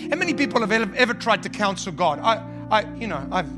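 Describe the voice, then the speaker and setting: A man's voice: high voice, big pitch swings, fast talker. A male pastor preaching a sermon, emphatic and repetitive, building up his points. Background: instrumental music.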